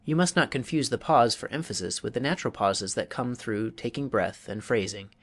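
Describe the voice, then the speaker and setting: A man narrates a public speaking manual as an audiobook, with a middle-pitched voice that is neither high nor low. His reading is measured and deliberate, and he leaves pauses between phrases. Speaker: audiobook reader.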